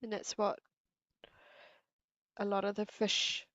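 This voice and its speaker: A woman's voice: mid-range voice, monotone, slow pace, fairly bright tone, no room sound, lo-fi sound. A woman with a New Zealand accent hosting a craft livestream, chatting casually and giggling with her viewers. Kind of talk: casual live-stream chat. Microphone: earpiece and mic at desk.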